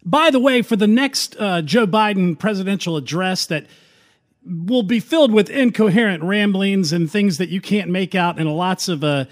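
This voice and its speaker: Man, sarcastic commentary host, high voice, laughing asides. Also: moderate pace.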